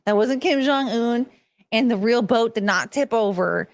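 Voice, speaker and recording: A young woman hosts a casual commentary livestream, rambling and swearing and slipping into mocking voices when quoting people. Her voice is on the high side at a normal speed, with no echo.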